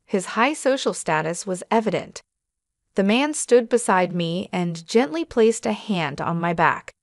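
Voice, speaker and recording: This is scripted narration: a woman reads a first-person story in a steady, measured tone. Her voice is mid-pitched, captured dry and up close, without any echo.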